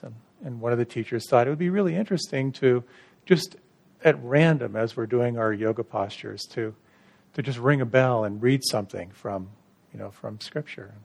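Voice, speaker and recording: A middle-aged man giving a gentle, reflective dharma talk to retreat participants, unhurried, with soft restarts. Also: mid-range voice, creaky. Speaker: meditation retreat teacher.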